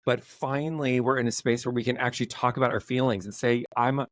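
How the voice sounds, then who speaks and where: A man's voice: mid-range voice, fairly even intonation, fast talker, no echo. A man hosting a podcast, chatting casually and animatedly in long run-on thoughts. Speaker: podcast host. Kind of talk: casual chat.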